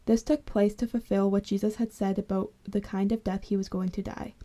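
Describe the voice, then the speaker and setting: A woman narrating a scripture passage in a steady, measured reading. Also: medium pitch. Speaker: scripture reader.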